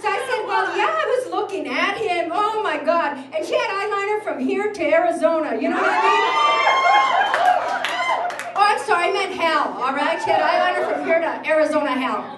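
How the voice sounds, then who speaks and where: A middle-aged woman tells brash, profane stories on a bar stage in a very high voice, acting out the other people in them. She is picked up from a distance in a roomy, echoing club, and the audience is loud around her. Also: animated, moderate pace. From New Mexico, USA. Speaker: stand-up comic. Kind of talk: stand-up comedy set. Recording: roomy club sound from far off, crowd noise.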